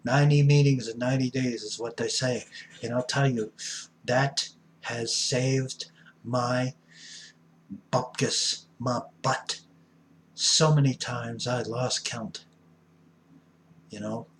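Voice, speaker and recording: A middle-aged man talks slowly about recovery, blunt and folksy like an addiction counselor preaching to his peers. He leans hard on certain words and keeps a plain, mid-range voice. A faint hum runs under the recording. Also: mid-range voice, fairly even intonation. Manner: blunt, folksy, preachy with sudden loud emphasis. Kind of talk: motivational recovery talk.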